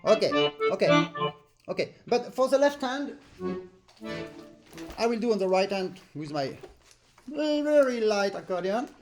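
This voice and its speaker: A man's voice: high voice, lively intonation, a little slow, pauses often, over music. A man with a French accent, a non-native English speaker, teaching a live online accordion master class and singing rhythms with syllables.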